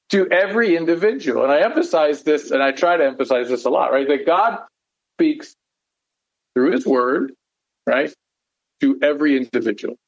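A man's voice: a little high, lively intonation, normal speed, pauses often, highs cut off. A man preaching a conversational sermon, earnest, often asking rhetorical questions and checking in with "right?". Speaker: pastor teaching a Bible study.

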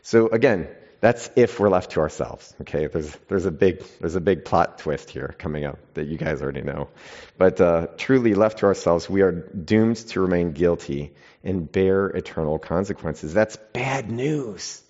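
A man with a fairly low voice delivers a sermon, leaning hard on key words and pausing before quiet, weighty phrases. He turns to his congregation with casual, conversational asides. The recording sounds muffled and lo-fi. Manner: emphatic scripture reading with long pauses and sudden quiet stresses. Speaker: pastor. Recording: dull lo-fi sound.

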